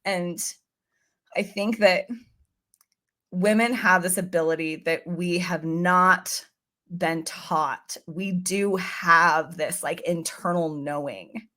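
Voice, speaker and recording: A woman's voice: lowish voice, steady tone, slow, pushed and bright. Earnest woman telling a personal story. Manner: earnest, chatty, acts out her own past thoughts in quotes. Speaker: podcast guest.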